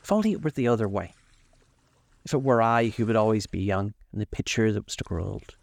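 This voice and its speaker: A man voicing an anguished, vain young man in a storybook reading, his voice pitched up and pleading. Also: lively intonation, fairly quick, gravelly, dry recording. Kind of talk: audiobook character voice.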